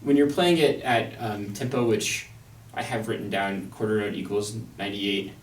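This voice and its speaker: A man's voice: lowish voice, moderate pace. Young man explaining violin, echoey room. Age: young adult. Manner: thoughtful, wry, with fillers and restarts. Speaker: violin teacher. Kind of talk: instructional talk on an orchestral excerpt. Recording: echoey room, mic at a distance.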